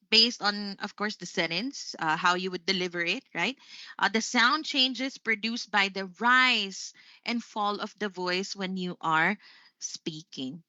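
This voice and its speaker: Bright-voiced Filipino woman teaching English. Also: medium pitch, dry recording, highs cut off. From Philippines. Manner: chatty, says "right?" after most points. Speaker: English lesson host. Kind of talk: live-streamed English lesson.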